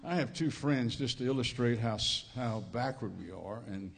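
Cajun guy preaching, folksy and jokey, repeats himself a lot, middle pitch, big echoey church. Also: moderate pace, gravelly. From Louisiana Cajun country. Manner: folksy, joking, repeats phrases. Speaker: visiting preacher. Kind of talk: sermon. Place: church sanctuary. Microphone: church PA microphone. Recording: reverberant church hall.

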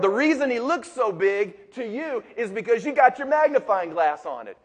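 A man's voice: very high-pitched, big pitch swings, normal speed, few pauses, husky. A male pastor preaching a sermon with emphatic, building repetition in a large church sanctuary. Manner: emphatic and building, with repeated phrases. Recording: long reverb of a large hall.

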